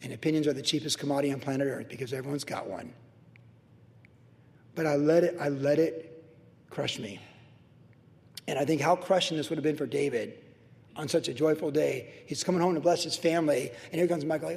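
Middle-aged male pastor, lively verse-by-verse teacher, slightly high voice, long hall reverb. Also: fairly quick, long pauses. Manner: animated storytelling with acted-out quotes.

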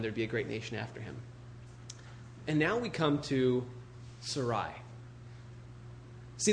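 A man's voice: a little high, a little hiss or hum. A male pastor preaching a casual, joking sermon and reading scripture, full of "you know" and "like".

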